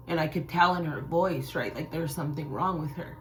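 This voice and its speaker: A woman's voice: low-pitched, fairly quick, slight background noise. A woman hosting a spiritual channel, telling a personal story in a loose, conversational way and acting out the voices of the people in it. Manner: animated retelling, acts out quoted voices.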